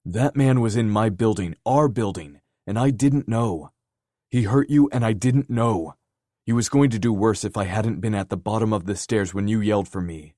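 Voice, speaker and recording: A male narrator playing a gruff, protective young man with a clipped way of speaking. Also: fairly low pitch, fairly even intonation, fairly quick, few pauses, a little mellow, no room sound, clean studio sound, close to an everyday voice. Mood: furious.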